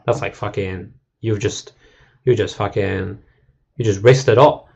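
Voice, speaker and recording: A man's voice: fairly low pitch, steady tone, moderate pace, creaky, breathy edge, lo-fi sound. A male game streamer in a casual, crude and rambling rant to his chat, mocking and full of fillers.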